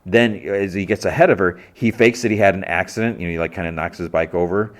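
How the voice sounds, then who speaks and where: Male podcast host with a low voice, loose chatty recap full of fillers. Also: quick pace. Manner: rambling, full of "like" and restarts. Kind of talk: casual episode recap.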